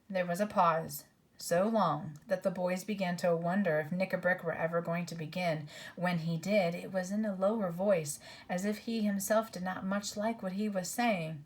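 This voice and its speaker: A woman's voice: fairly low pitch, fairly even intonation. A woman reading a novel aloud in a plain, unpolished way, sometimes stopping to fix slips. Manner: unpolished, pauses to correct slips. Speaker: audiobook reader.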